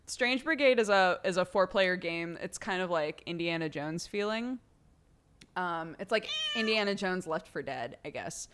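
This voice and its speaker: A woman's voice: lowish voice, animated, unhurried, fairly bright tone. Woman streamer chatting w her viewers, laughs a lot, thanks subs, voice swoops up and down. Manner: laughs often, thanks subscribers by name. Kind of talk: casual chat with stream viewers.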